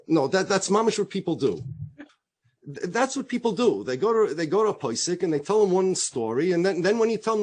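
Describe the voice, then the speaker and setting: Middle-aged New rabbi, animated storyteller, voice that swings up and down and a little high. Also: male voice, fairly quick, husky. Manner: animated storyteller, acts out quoted dialogue, frequent repetitions. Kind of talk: conversational talk, telling stories.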